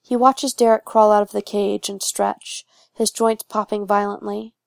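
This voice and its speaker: A woman narrating a fan fiction audiobook in a steady, even reading voice. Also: medium pitch, unhurried, creaky, no room sound, clean studio sound.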